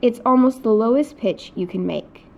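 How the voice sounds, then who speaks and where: A woman narrates a recorded language lesson, explaining points one by one in a patient way. Her voice has a gravelly edge and a mellow, dark tone. The recording sounds dull and lo-fi. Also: a little high, moderate pace. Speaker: Mandarin teacher.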